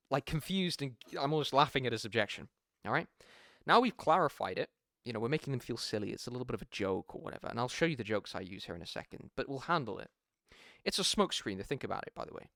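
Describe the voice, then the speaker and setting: A man runs through sales tactics in a loose, animated tutorial voice, often slipping into acted lines for himself and his customers. His voice sits at an ordinary middle pitch. The recording is dry and close, with no room sound. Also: quick pace, creaky, no room sound. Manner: animated, acts out sales calls, swears casually. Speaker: sales coach. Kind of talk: casual tutorial talk.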